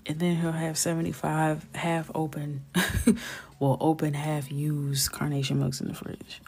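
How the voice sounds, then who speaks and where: A woman's voice: low-pitched, completely flat delivery, unhurried, vocal fry, darkish tone. A middle-aged woman hosting a coloring livestream, chatting casually and jokingly while reading viewer comments. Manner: chatty, joking, reads chat aloud.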